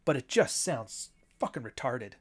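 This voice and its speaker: A man talking loosely and profanely, with a pitch that sits in the ordinary middle range. He rants in an offhand way and drops short chuckles between his points as a casual talk host. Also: sing-song, measured pace, husky. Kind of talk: casual chat.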